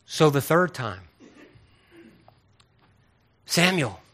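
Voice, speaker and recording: A man preaching a sermon as a pastor, telling the story with lively acted-out voices and frequent repeated words. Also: medium pitch, moderate pace.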